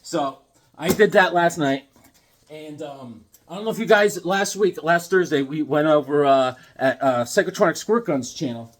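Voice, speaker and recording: A man hosting a comic book channel, telling goofy stories in a rambling, animated way full of restarts. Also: a little high, normal speed. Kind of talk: casual storytelling vlog.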